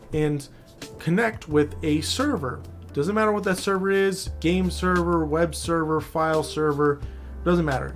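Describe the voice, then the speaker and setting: A man casually explaining networking basics in a screen-share tutorial, often checking in with the viewer. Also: fairly high pitch. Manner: casual, loose, talks to viewer directly with frequent "all right?". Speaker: cybersecurity instructor.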